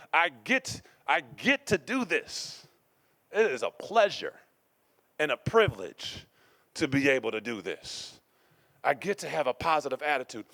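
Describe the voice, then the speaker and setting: A man preaching a sermon to a congregation, using call-and-response and swinging between loud declarations and hushed asides. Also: fairly high pitch, dry recording.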